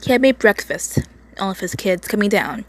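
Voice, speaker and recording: A woman reads a fan story aloud at home, recorded on her phone. Her reading is halting, with frequent stumbles and restarts. She speaks at a middle pitch. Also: lively intonation, rough recording. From United States. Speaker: amateur reader of an online story.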